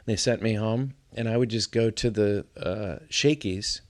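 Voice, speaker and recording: A man's voice: lowish voice, measured pace. A middle-aged man hosting a podcast, telling stories in casual chat and joking with his co-host. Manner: joking, animated storytelling, reads listener tweets aloud.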